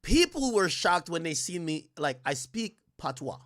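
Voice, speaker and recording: Man, from Jamaica, American accent, stream host, casual commentary, bright tense tone. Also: fairly high pitch, big pitch swings. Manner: quick, chatty, addresses chat directly. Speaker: livestream host.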